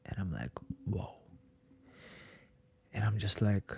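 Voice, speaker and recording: A man's voice: sits low, lively intonation, slow, creaky, darkish tone, slightly rough. A man from Ukraine, a podcast guest, telling his story in a blunt, casual way and swearing freely. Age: 20s.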